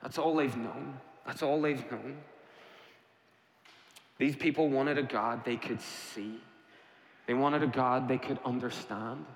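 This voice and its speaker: A man's voice: mid-range voice, fairly even intonation, takes it slowly, long pauses. Male pastor delivering an emphatic sermon with rhetorical questions, mid-range voice, recorded with long hall reverb.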